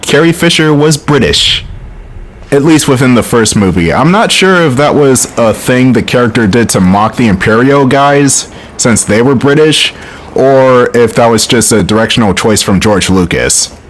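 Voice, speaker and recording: A man's voice: mid-range voice, lively intonation, normal speed. A man hosting a let's play, giving casual, joking gameplay commentary full of rambling tangents.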